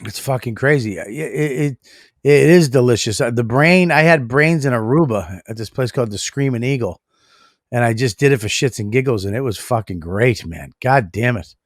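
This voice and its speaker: A man's voice: mid-range voice, expressive, normal speed, no echo. A man with a mid-range voice chats bluntly on a podcast and swears a lot. The recording is close and dry, with no room sound. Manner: blunt, profane, joking. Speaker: podcast co-host. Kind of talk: casual chat.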